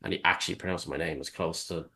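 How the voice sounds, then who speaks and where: Deep-voiced Irish man, easygoing podcast chat. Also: steady tone, fast talker, pushed and bright, husky. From Ireland. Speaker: podcast co-host.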